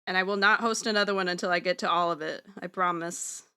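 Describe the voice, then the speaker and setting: A woman's voice: fairly low pitch, rapid-fire, pushed and bright, clear, resonant tone. A young woman streaming from home, chatting casually and rambling with playful slang while she draws. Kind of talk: casual livestream chat while drawing.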